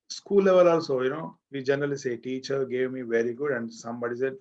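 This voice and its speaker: A man's voice: mid-range voice, brisk. Indian man teaching English on muffled audio. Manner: explains with repetition and questions to the class. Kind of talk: classroom lecture.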